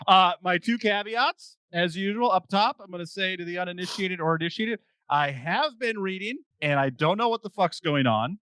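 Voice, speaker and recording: A man co-hosting a podcast in casual chat, animated, laughing often and yelling at times. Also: sits high, moderate pace, hardly any pauses, smooth, dry recording. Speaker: podcast co-host.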